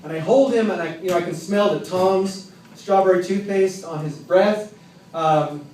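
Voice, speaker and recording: Man, live storyteller, wry halting delivery, slightly high voice, very roomy sound, faint background noise. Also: darkish tone, far from the mic. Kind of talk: live personal storytelling at an open mic. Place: tavern with an audience.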